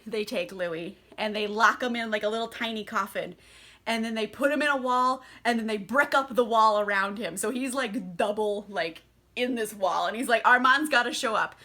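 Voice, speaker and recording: A tipsy woman giving a casual book recap, animated, swearing and laughing often. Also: mid-range voice, normal speed. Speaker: book reviewer.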